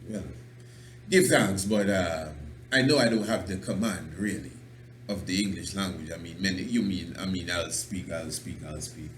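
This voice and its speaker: A man's voice: deep voice, unhurried, a bit bright. A man from Antigua with an Antiguan accent, hosting a radio talk show in an emphatic, preachy monologue that restarts words and breaks into chuckles. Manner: loose, repeats and restarts words. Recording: roomy echo, faint background noise.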